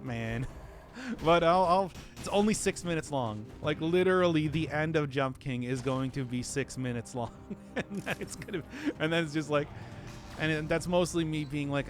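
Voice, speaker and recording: A man's voice: a little high, normal speed, over music. A man rambling through casual gameplay commentary, laughing often and mocking himself, his voice groggy from not having talked all day. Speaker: streamer.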